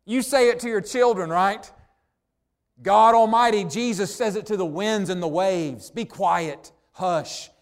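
High-voiced man preaching earnestly. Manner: earnest preaching, slows down for emphasis. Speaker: pastor. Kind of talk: sermon.

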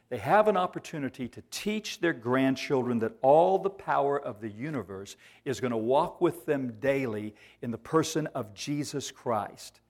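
A man preaching a sermon in church, emphatic, repeating phrases and slowing down on key words. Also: medium pitch.

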